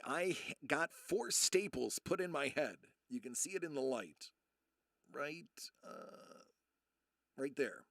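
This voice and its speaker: A man in his thirties rambling through a personal story to his live chat, often restarting and quoting people in a lowered voice. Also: gravelly, a bit bright, no echo, clean studio sound. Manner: rambling, self-interrupting, acts out quotes in a low voice. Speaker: streamer.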